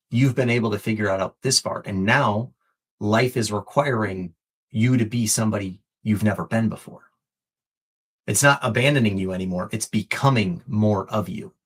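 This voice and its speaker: A man coaching on a live stream, earnest and encouraging, repeating phrases for emphasis and swearing casually, emotional and close to tears. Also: lowish voice. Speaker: fitness and life coach.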